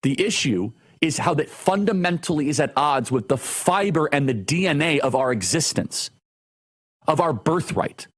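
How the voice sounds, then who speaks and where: A man's voice: on the high side, lively intonation, moderate pace, fairly bright tone. A man hosting a talk show, delivering an opinionated monologue with emphatic, repeated phrases.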